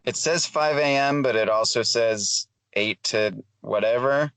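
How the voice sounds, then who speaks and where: A man's voice: medium pitch, measured pace, a bit bright, no room sound, rough recording. A man co-hosting a podcast, calling in by phone from a parking lot and puzzling over a sign in casual chat. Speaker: podcast co-host.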